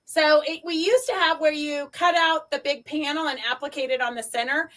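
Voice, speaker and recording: A woman's voice: high voice, a little fast, a bit bright. A woman hosting a live sewing stream, chatting casually and rambling with lots of ums as she shows fabric. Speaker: host of a live sewing show.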